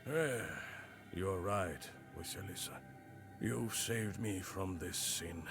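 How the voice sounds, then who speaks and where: An earnest, weary villager. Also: male voice, low voice, slow, creaky, loud music behind the voice, full character voice. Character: shaken young village man, earnest and loyal. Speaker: game character. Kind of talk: video game voice acting.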